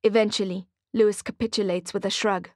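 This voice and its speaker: A woman narrating an audiobook thriller in a steady, expressive reading. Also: mid-range voice, a little fast, dry recording, clean studio sound. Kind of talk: scripted narration.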